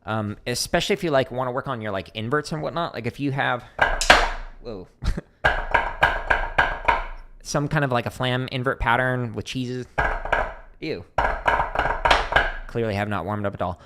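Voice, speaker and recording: A man from Arizona teaching drumming on a casual livestream, talking in a relaxed, rambling way with lots of fillers. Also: mid-range voice, normal speed, heavy background noise. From Arizona, USA. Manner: relaxed, chatty, many fillers, counts strokes aloud. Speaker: drum teacher streaming Q&A.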